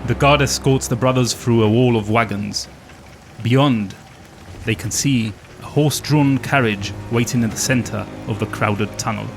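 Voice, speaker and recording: A man co-hosting a podcast, chatting casually and reading gamebook passages in a relaxed, wry way. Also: mid-range voice, moderate pace, faint music behind. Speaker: podcast co-host.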